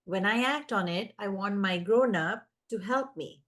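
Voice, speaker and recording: A woman giving parenting advice in casual conversation, animated and acting out the voices of children and parents. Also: medium pitch, measured pace. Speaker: parenting guest expert.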